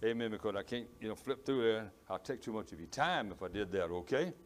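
A man's voice: on the low side, expressive, quick pace. A man with a Cajun accent preaching a sermon in church. He has a strong voice and rambles, apologizes and stumbles over his words. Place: church in East Texas.

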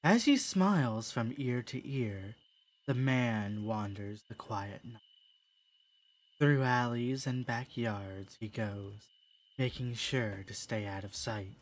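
Streamer doing a whispered role-play, spooky bedtime story voice, quiet and slow. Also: mid-range voice. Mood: eerie. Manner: slow, hushed, eerie. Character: creepy hushed storybook narrator.

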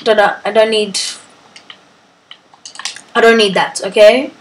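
A woman's voice: mid-range voice, steady tone, unhurried, slight background noise, low-quality recording. A woman casually commenting on her gameplay, chatty and playful, breaking into sing-song chants and baby talk to her pets. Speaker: gaming channel host.

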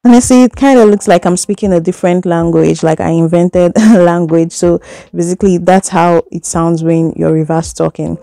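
A woman's voice: lowish voice, fairly even intonation, moderate pace, gravelly, mellow, dry recording. A woman giving a chatty, step-by-step editing tutorial, seated indoors and recorded on a phone. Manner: chatty step-by-step explaining, little laughs. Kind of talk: casual screen tutorial.

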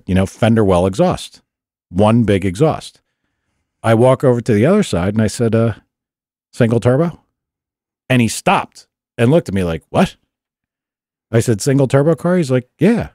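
A man's voice: mid-range voice, moderate pace, no room sound, studio quality. A man hosting a casual car-racing podcast, telling stories in a loose, profane way. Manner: profane, animated storyteller. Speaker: podcast host. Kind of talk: casual chat. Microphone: studio mic.

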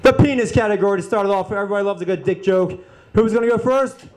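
Guy emceeing a dirty joke-off, real high voice, echoey room, crowd roaring behind. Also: a little mellow. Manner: brisk, announcing categories and calling names. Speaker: host of a joke contest. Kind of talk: live emcee banter.

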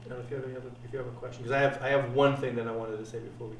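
A man's voice: mid-range voice, level tone, slight background noise. Male host, wisecracking, mid-range voice, distant roomy mic. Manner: joking, quick with wisecracks. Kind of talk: casual chat. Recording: echoey room, distant mic.

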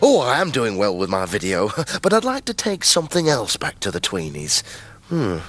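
A man's voice: mid-range voice, huge pitch swings, moderate pace, music in the background. A British man playing a cheery grown-up character on a children's TV show, chatty and chuckling as he tells a story.

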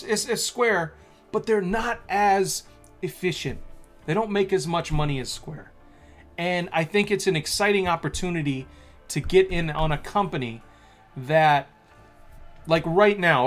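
A man hosting a casual stock market video, reading news aloud and rambling excitedly between the lines. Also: sits high. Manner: excitable and rambling, with many restarts and asides.

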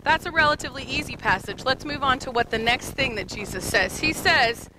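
A woman's voice: high-pitched, expressive, a little fast, few pauses, noisy background. A woman pastor in her thirties preaching a sermon in a church, telling stories with light humor and speaking directly to the kids. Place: church sanctuary.

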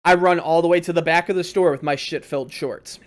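A man's voice: on the high side, a little fast. A young man hosting a podcast and telling a story among friends, swearing freely and acting out the other people's voices. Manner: animated, swears freely, acts out quoted voices. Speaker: podcast host.

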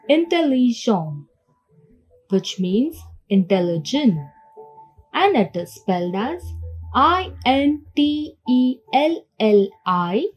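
Woman, teacher, very slow, spells words letter by letter, animated pitch, faint music behind. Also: husky, muffled recording. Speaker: French teacher. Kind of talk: slow classroom lesson, spelling words aloud.

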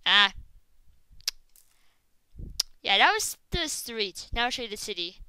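A woman giving casual gameplay commentary, rambling with many fillers and breaking into excited shrieks and exclamations. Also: mid-range voice, brisk, smooth, no room sound, rough recording. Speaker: gaming video host.

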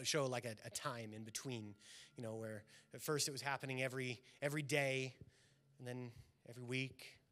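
A man's voice: medium pitch, a bit bright. A man preaching a sermon as pastor in a church, earnest and building emphasis on key lines. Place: church sanctuary.

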